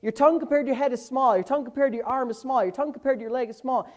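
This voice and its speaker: Emphatic preaching man. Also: extremely high pitch. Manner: emphatic preaching, slows and swells on scripture. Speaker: pastor. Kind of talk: sermon.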